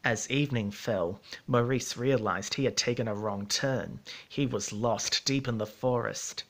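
A man narrating a storybook in a measured, steady reading voice. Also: mid-range voice.

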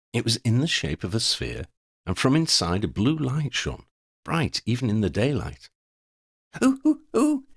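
A man narrating a fantasy story in an expressive, playful storybook reading. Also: on the low side, husky, no room sound, studio quality. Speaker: audiobook narrator.

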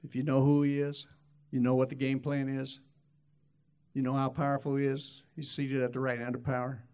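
A man's voice: mid-range voice, monotone, moderate pace, a little mellow, clean tone. A man preaching a sermon in an emphatic, repetitive way, often restarting phrases and acting out quoted voices.

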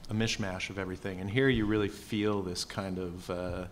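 A man with a fairly low voice moderates a panel on a convention stage. He asks his questions in a conversational, thoughtful way. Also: steady tone, normal speed, a little hiss or hum. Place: convention stage before an audience.

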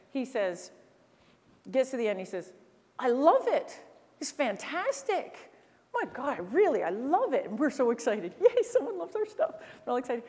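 A woman from Canada giving an animated storytelling keynote on a conference stage, often acting out other people's voices. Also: on the high side. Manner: animated, acts out quoted voices. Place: large conference hall. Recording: long hall reverb.

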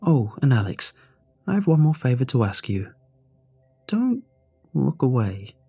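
A man's voice: mid-range voice, sing-song, unhurried, warm tone, breathy edge, soft background music, voice pushed up, full character voice. A man voicing a chirpy, mocking young man trapped inside a beer can, who taunts and bosses the listener with sarcasm. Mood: bossy. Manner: taunting and bossy, snapping sarcastically.

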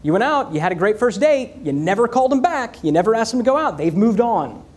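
High-voiced, animated male keynote speaker. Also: fast talker. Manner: animated storytelling with rhetorical questions and repetition. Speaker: conference speaker. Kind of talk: energetic business keynote.

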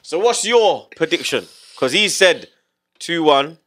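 Man, high bright voice, swings up and down a lot, animated football banter. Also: a little slow. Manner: animated, laughs often, heavy slang. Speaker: host.

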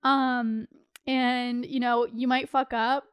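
High-voiced chatty young woman. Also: flat delivery, takes it slowly, clean tone, dry recording. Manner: chatty, heartfelt, lots of "like" and "you know". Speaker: podcast host. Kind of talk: casual advice chat.

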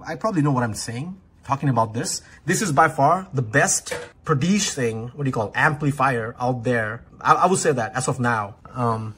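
A young man casually walking through the controls of an audio mixer, chatty and peppered with quick "okay?" and "right?" check-ins. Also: mid-range voice, a bit bright, breathy edge. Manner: chatty, talks while pointing at controls, many "okay?" and "right?" tags. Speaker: gear reviewer. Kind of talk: casual product demo.

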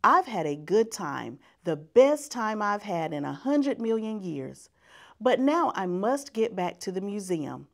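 A woman voicing a friendly, polite old male dinosaur in a storybook reading, gentle and courteous. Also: mid-range voice, big pitch swings, measured pace, vocal fry.

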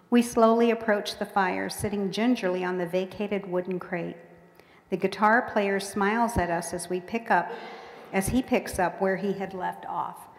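A woman's voice: medium pitch, fairly even intonation, normal speed. A woman author reading her book aloud with folksy storytelling in a museum courtroom. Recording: echoey hall with long reverb.

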